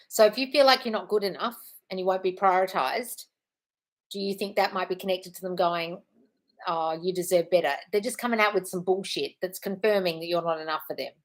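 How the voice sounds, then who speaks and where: A woman's voice: fairly low pitch, a bit bright. Blunt, swearing woman coach on a live stream. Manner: blunt, swears casually, calls listeners darling. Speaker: manifestation coach. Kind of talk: live-stream Q&A reading viewer comments.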